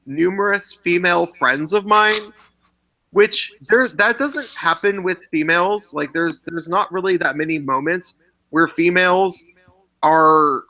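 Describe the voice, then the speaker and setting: A man hosting a casual chat after a movie, talking in animated, rambling bursts with many restarts, on a wireless clip-on mic. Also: high voice, poor audio. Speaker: vlog host. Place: indoors after a film screening.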